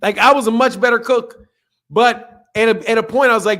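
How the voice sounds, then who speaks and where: A man's voice: very high-pitched, fairly quick, a bit bright. A man hosting a boxing channel who chats loosely and jokes with his viewers, using plenty of slang and laughing often. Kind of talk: casual livestream chat.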